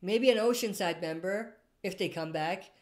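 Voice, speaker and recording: In a relaxed livestream, the host reads viewers' questions and comments, answering at length and often backtracking to fix what she said. She has a medium-pitched, somewhat dark voice and talks at a normal speed.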